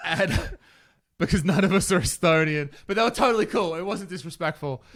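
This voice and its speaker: A man co-hosting a podcast, telling lively stories in a casual chat and swearing freely. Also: high-pitched, fast talker. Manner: animated storyteller, swears casually. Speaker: podcast co-host.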